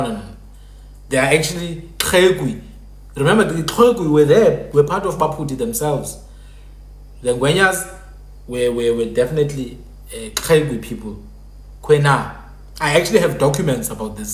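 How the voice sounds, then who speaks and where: A man's voice: mid-range voice, reverberant. A man hosting a live stream, explaining in a casual lecturing way and repeating sounds to demonstrate them. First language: Sephuthi.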